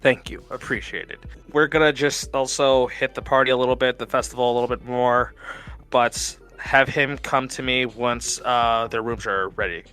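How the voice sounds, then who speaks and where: A man's voice: medium pitch, steady tone, moderate pace, bright, forceful tone, smooth, faint music behind. Rambling, reassuring man at a game table. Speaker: player. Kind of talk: casual in-character tabletop play.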